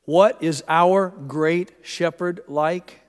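An older man preaching a sermon to his congregation, conversational in tone with dramatic shifts from quiet to loud. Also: fairly high pitch, very slow, clear, resonant tone. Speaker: pastor. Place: church sanctuary. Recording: long hall reverb.

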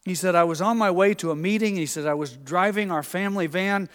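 In a recording with long hall reverb, a male pastor preaches a storytelling sermon in a high, fairly quick voice that is a bit bright, clear, and resonant. He's folksy and anecdotal, acting out the voices of people he quotes.

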